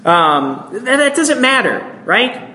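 A man's voice: very high-pitched, slow pace, reverberant, slight background noise, poor audio. A man with a northern American accent preaching a sermon in a conversational way, often checking in with "right?". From northern United States. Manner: conversational, asks "right?" often, animated emphasis.

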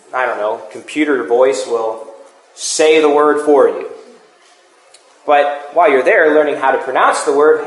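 A man's voice: medium pitch, reverberant, low-quality recording. A man preaching a sermon in a conversational teaching manner, with asides and restarts.

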